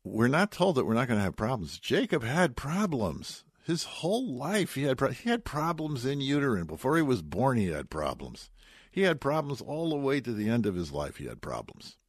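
A man's voice: mid-range voice, sing-song, moderate pace, breathy edge, no echo, clean studio sound. A man giving a sermon on the weekly Bible portion, telling it as a story with folksy asides and Hebrew words mixed in. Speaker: rabbi giving a weekly Torah talk.

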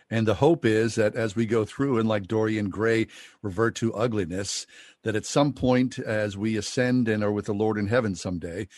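A man's voice: on the low side, a little mellow, dry recording, clean studio sound. A man hosting a radio interview, affirming the guest and guiding the talk. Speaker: radio host.

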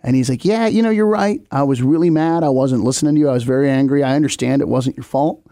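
Gravelly middle-aged podcast storyteller. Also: male voice, medium pitch, fast, dry recording, clean studio sound. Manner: animated, laughs often, acts out voices in his story. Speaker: podcast co-host. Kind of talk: casual storytelling.

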